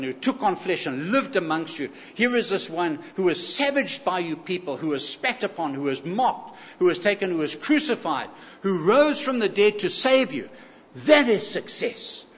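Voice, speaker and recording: A man's voice: high voice, big pitch swings, moderate pace, fairly bright tone. A man preaching who puts on the voice of a stern God the Father, declaiming firmly. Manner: declaiming, firm. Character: God the Father, stern and proud of his son. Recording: echoey hall, slightly dull sound.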